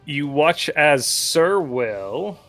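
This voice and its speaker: A man's voice: a little high, expressive, very slow, fairly bright tone, soft background music. A man playing in a tabletop game over a video call, describing his character's actions in loose, conversational narration. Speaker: player voicing a paladin.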